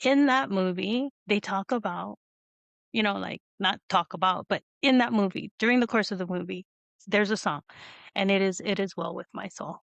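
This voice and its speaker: A woman's voice: mid-range voice, moderate pace, vocal fry, dry recording, highs cut off. A woman hosting a video-call interview, telling a long personal story in a rambling, tearful way with frequent laughs. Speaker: host. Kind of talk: emotional conversational storytelling.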